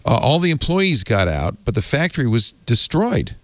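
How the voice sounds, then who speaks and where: A man hosting a tech podcast, chatting casually and reading an ad in a rambling, animated way. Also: medium pitch, normal speed, no room sound. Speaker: podcast host. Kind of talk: casual tech podcast chat and live ad read.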